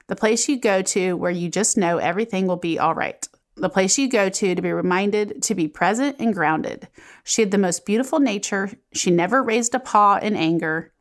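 A woman co-hosting a podcast, reading a listener's letter aloud in a gentle, sincere way. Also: medium pitch. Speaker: podcast co-host. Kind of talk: reading a listener letter, then casual chat.

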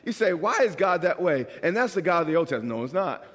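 A man's voice: fairly high pitch, quick pace. A man preaching a sermon as pastor, asking the congregation questions and acting out the voices he quotes. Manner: animated, acts out quoted voices. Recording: long hall reverb.

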